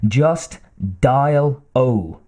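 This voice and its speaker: A man's voice: mid-range voice, very slow, warm tone. A man voicing a sleazy, fawning young male hotel desk clerk in an audiobook. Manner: fawning, wheedling.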